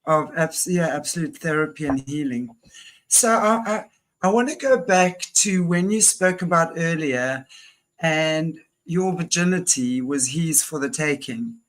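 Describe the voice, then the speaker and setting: Emphatic host, outraged reactions, middle pitch. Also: lively intonation, a little slow, low-quality recording. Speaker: podcast host. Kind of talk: interview.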